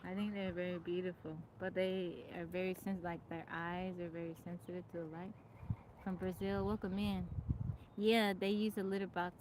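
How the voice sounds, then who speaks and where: A woman's voice: on the low side, little pitch movement, normal speed, noisy background. A woman hosting a casual live stream, greeting viewers by name and chatting with frequent laughs. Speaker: livestream host. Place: outdoors in nature. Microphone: phone.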